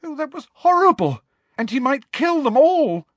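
A man voicing a terrified young girl, high and shaky. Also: big pitch swings, moderate pace, fairly bright tone, no echo, exaggerated voice. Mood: frightened. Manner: breathless, trembling, high-pitched. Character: frightened teenage schoolgirl witch. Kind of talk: audiobook character voice.

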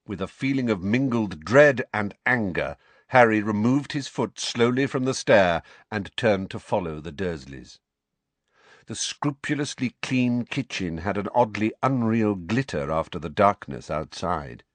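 A man narrating an audiobook in an expressive storytelling manner. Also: lowish voice, no room sound. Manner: expressive, lively. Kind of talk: scripted narration.

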